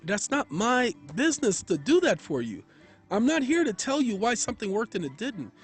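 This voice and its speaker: A man's voice: sits high, sing-song, moderate pace, slightly rough, soft background music. A man vlogging from his car, telling a rambling story in an indignant, boastful way. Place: in his car, parked in a driveway. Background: car radio song playing.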